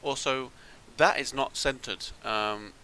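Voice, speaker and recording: A man's voice: mid-range voice, takes it slowly, sharp tone, slight background noise, rough recording. A man giving casual gameplay commentary as a channel host, thinking aloud and rambling with restarts.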